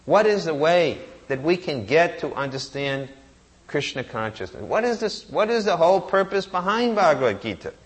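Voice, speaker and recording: A man's voice: fairly high pitch, sing-song, moderate pace. A man giving a sermon, reciting Sanskrit verses and asking rhetorical questions that he answers himself. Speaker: preacher.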